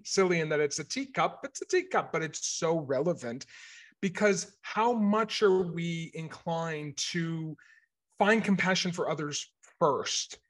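Forties male co-host from Maine, a bit high-pitched, earnest and reflective. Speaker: podcast co-host. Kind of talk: casual chat.

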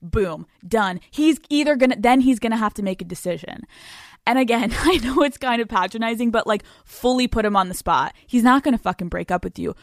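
A woman's voice: medium pitch, no echo, studio quality. A young woman hosting a solo podcast, giving frank advice in a brash, profane, laughing way and reading out listener letters. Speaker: podcast host.

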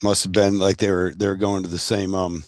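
A man's voice: deep voice, little pitch movement, fairly quick, darkish tone, no echo, studio quality. A man hosting a podcast, jokey and chatty, firing off casual questions. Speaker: podcast host.

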